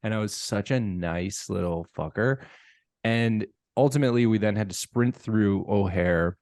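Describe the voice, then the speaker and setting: A man with a deep, low voice co-hosting a casual podcast, recorded dry and close in a studio. He tells his stories with energy and jumps into acted-out dialogue. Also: moderate pace, dry recording. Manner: animated storyteller who acts out dialogue. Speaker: podcast co-host.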